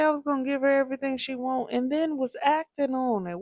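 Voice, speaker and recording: A young adult woman hosting a casual podcast, telling parenting stories with lively asides. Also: high voice, fast talker, no room sound, studio quality. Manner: animated storytelling, acts out quoted voices. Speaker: podcast host.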